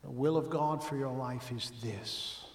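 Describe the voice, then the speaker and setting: A man preaching a sermon as pastor. He moves between hushed asides and loud, emphatic exclamations. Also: medium pitch, unhurried. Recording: echoey church hall.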